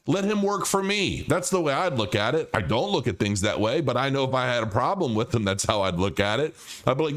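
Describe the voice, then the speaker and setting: A man's voice: medium pitch, very animated, brisk, hardly any pauses. Blunt, profane man ranting to camera. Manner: blunt, profane, repeats words when restarting. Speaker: crypto commentator. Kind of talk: casual vlog rant.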